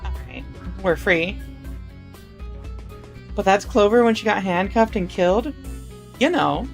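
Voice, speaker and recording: A woman's voice: mid-range voice, measured pace, creaky, soft background music. A woman streamer chatting casually with her viewers during a live game stream.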